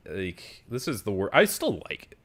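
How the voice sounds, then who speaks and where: A man riffing through a casual movie review, his fairly low voice leaping up and down as he gets worked up. He curses freely and stumbles through fillers and restarts, like a loose spoken rant. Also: normal speed, breathy edge. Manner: animated, profane ranting with frequent fillers. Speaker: film reviewer. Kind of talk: casual film review monologue.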